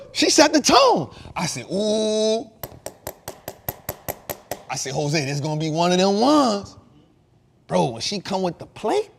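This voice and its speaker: A man in his thirties hosting a show, telling a casual story in an animated, slangy way that swings from loud to hushed. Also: on the high side, vocal fry, husky. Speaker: host.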